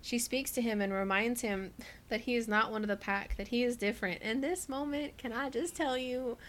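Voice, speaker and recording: A woman's voice: a little high, moderate pace, fairly bright tone. A woman co-hosting a podcast, recapping a book in a casual chat, who laughs often and says "like" a lot. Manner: chatty, laughs often, many "like" fillers. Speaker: podcast co-host.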